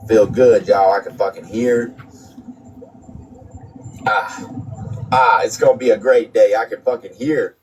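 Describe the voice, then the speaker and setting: A man's voice: on the low side, a little slow, pauses often, a little mellow, far from the mic, slight background noise, poor audio. A man with a congested, sick-sounding throat talks casually in a profane, repetitive, upbeat way. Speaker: streamer. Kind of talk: casual vlog chat.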